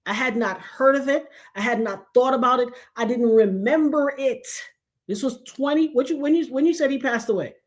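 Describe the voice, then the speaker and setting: Woman, fifties, from New York; show host, casual dramatic storytelling, higher voice, loud bursts. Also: normal speed. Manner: animated, dramatic retelling with loud outbursts.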